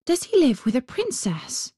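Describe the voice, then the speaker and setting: A woman voicing a high, anxious little girl. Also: wildly swooping pitch, normal speed, mellow, breathy edge, no echo, studio quality, full character voice.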